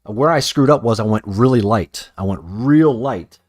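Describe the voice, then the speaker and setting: A man's voice: on the low side, lively intonation, normal speed, no echo, studio quality. A man chatting casually on a live stream while painting action figures at home, profane and rambling, often restarting his sentences.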